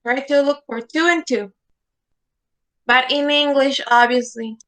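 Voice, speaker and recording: Slow, bright-voiced woman teaching English. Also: sits high, steady tone, smooth. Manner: slow, repeating words for students to echo; checks understanding with frequent "okay?". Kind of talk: online class instruction.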